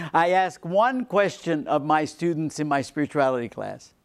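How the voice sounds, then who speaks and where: A man, a priest, giving a lecture on faith to a seminar, repeating phrases for emphasis and dropping into quiet low asides. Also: smooth. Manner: animated, swings between emphatic lines and quiet low asides.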